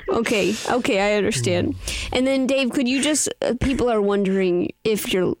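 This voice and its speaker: A woman hosting a comedy call-in game show, upbeat and giggly, trading quick banter with callers. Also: a little high. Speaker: host.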